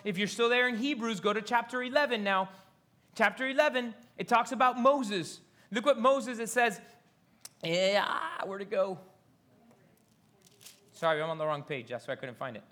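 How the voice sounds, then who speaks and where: A man's voice: high-pitched, sharp tone. A man preaching a fervent sermon, repeating phrases and dropping to whispers for emphasis. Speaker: pastor.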